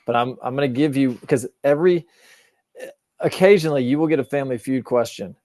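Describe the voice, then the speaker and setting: A man's voice: mid-range voice, a little fast, a little mellow, no echo. A man in his thirties, a veterinarian co-hosting a radio show, talking in an easygoing, joking, plainspoken way. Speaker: veterinarian co-host. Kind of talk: casual chat.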